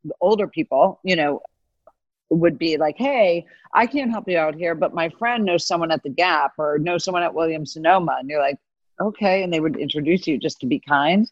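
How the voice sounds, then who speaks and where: A middle-aged woman in a casual interview, telling animated stories about her career and acting out the voices of people she quotes. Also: low-pitched, normal speed, no room sound, muffled recording. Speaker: guest, venture capitalist. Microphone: video call mic.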